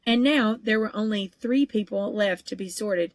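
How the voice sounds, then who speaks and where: A woman narrating a children's novel at an easy, steady pace, stumbling now and then on a word. Her voice sits at an ordinary middle pitch. The room is dead and dry, close to the mic. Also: moderate pace, no room sound. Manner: steady, even storytelling with occasional small stumbles. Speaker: audiobook reader. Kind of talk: audiobook narration.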